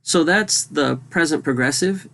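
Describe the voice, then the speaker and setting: A man teaching Spanish grammar in a relaxed, conversational way, spelling out letters over slides with frequent ums and small restarts. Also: fairly high pitch, measured pace, gravelly. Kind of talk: explanatory lesson over slides.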